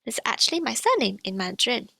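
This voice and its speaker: A woman teaching pronunciation, explaining sounds clearly and repeating each example slowly. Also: fairly high pitch, sing-song, bright, forceful tone, dry recording. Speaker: language teacher.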